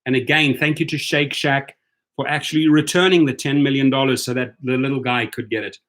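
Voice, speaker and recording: A man's voice: mid-range voice, fairly even intonation, a little fast, fairly bright tone. A man hosting a casual live stream for drivers, upbeat and chatty, greeting viewers by name.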